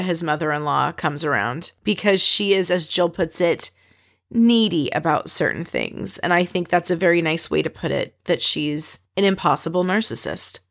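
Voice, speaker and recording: Woman host, slightly low voice, chatty and opinionated recap delivery with side remarks. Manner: chatty, opinionated storytelling with asides. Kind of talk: casual recap chat.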